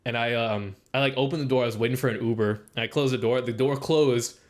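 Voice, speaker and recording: A young man co-hosting a casual podcast talks fast in a steady tone, telling a long, rambling story. He leans heavily on "like" and acts out what people said, raising his pitch for the quotes.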